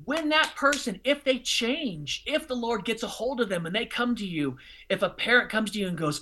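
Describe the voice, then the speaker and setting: A middle-aged man telling a personal story in conversation, expressive and bursting into loud excited outbursts. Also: very high voice, moderate pace. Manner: expressive, swings into loud excited outbursts when acting out scenes. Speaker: guest, charity fundraising speaker.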